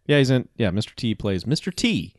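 A man's voice: mid-range voice, sing-song, brisk, no room sound, clean studio sound. A man co-hosting a podcast, talking loosely and rambling with lots of filler words. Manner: loose, rambling with many likes. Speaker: podcast co-host. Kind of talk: casual chat.

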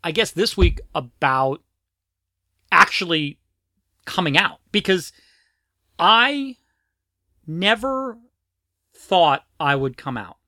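A woman's voice: lowish voice, expressive, takes it slowly, long pauses, sharp tone, no echo, studio quality. A middle-aged transgender woman co-hosting a podcast, chatting in a rambling way, often restarting her sentences and prone to the giggles. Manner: rambling, giggly, self-interrupting. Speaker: podcast co-host. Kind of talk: casual podcast chat.

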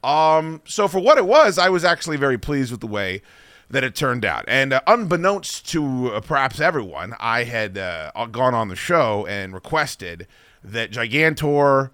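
A man's voice: mid-range voice, big pitch swings, normal speed, fairly bright tone, no echo, studio quality. A man hosting a podcast, chatting casually and telling ranting, profane, mocking stories. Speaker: podcast host. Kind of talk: casual chat.

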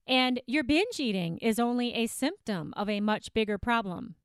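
Chatty woman podcast host, clear voice. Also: on the high side, no room sound, studio quality. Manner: chatty, self-deprecating, emphatic. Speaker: podcast host and eating coach. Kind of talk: solo podcast monologue. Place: home office recording studio.

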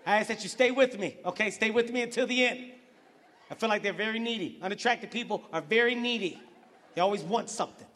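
A man performing a live stand-up routine, profane and shouty as he tells his stories. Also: high voice, fast. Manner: profane, shouty, animated storytelling. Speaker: stand-up comedian. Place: large live venue. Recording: live venue with reverb and audience. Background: audience laughter.

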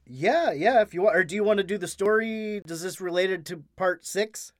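A man hosts a casual podcast, nudging his guest along with short replies. His voice sits a little high and sounds dry and close to the mic. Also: moderate pace, dry recording. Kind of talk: casual podcast chat, reading aloud.

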